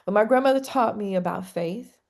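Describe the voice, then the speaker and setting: A woman's voice: medium pitch, brisk, gravelly, a little mellow. A middle-aged woman, a counselor, speaking as a podcast guest in an earnest, heartfelt way. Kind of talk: conversational interview.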